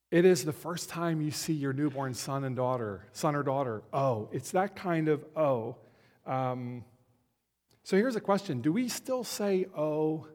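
A man giving a conversational Christmas sermon as a pastor, slowing down to stress key words. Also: a little high. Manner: conversational, slows down for emphasis. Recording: long hall reverb.

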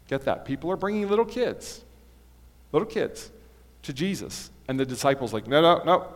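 A man giving a sermon, conversational and plain-spoken, reading and explaining scripture with occasional forceful bursts. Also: medium pitch. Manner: conversational, rising to forceful bursts when quoting. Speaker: pastor. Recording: long hall reverb.

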